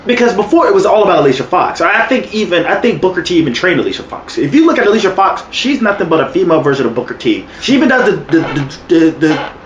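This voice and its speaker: Male podcast co-host, higher voice that swings widely, swears freely, roomy room with faint hiss. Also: quick pace, dull audio. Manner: animated, profane, acts out quotes with laughs. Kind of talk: casual wrestling review chat.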